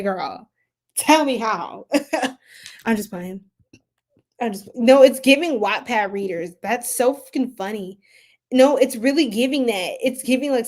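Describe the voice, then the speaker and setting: A woman giving a casual tarot reading to her viewers, slangy and playful, laughing often and swinging from loud outbursts to soft asides. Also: medium pitch. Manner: slangy, repeats phrases. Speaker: tarot reader.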